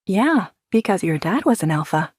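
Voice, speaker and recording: Played by a woman narrator, a guarded young woman who answers with sarcasm and pointed questions. Her voice rises higher and sharper than the narration, recorded close and dry. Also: sing-song, normal speed, a little mellow, slightly rough, no echo. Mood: wary, sarcastic.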